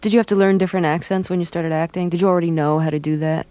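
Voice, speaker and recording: A woman hosting a radio interview, introducing her guest and asking questions in a measured way. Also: fairly low pitch, fairly even intonation, warm tone, no room sound. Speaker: interviewer host.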